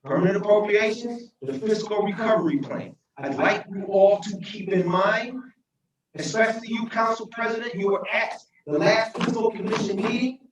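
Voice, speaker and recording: A man speaking as mayor at a council meeting, impassioned and tagging points with "right?", sometimes shouting. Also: high-pitched, moderate pace, far from the mic, background noise. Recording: echoey chamber, voice from afar.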